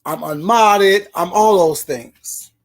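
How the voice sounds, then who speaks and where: A man's voice: high-pitched, slow pace. A streamer telling his viewers a story, profane and emphatic, driving his points home with repetition.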